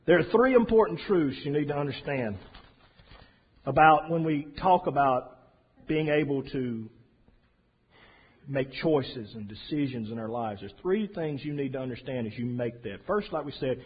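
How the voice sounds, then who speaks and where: A man preaching a sermon in a folksy, storytelling way, swinging from soft asides to loud emphasis. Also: mid-range voice, animated, moderate pace, breathy edge. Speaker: pastor. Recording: dull lo-fi sound.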